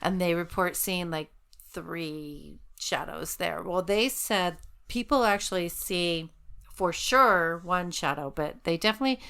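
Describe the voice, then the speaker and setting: A young adult woman co-hosting a casual podcast chat, talking excitedly, often losing her words and restarting. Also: on the low side, a little slow, creaky, clean tone. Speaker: podcast co-host.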